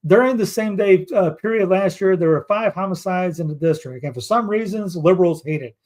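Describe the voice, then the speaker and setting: A man's voice: high-pitched, a little fast, darkish tone. A man hosting a commentary show, reading news headlines aloud in a rambling, casual way with asides.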